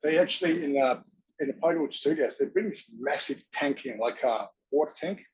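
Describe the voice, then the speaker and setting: A man as an interview guest, telling stories in an animated way, often laughing and acting out voices. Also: on the high side, a little fast, poor audio. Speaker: interview guest, wrestler and actor. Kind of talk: casual storytelling.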